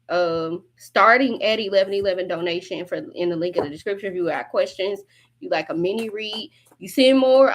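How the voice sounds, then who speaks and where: A woman's voice: medium pitch, slight background noise. A woman tarot reader on a casual livestream, talking bluntly and chattily, swearing freely and laughing often. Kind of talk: casual livestream collective reading.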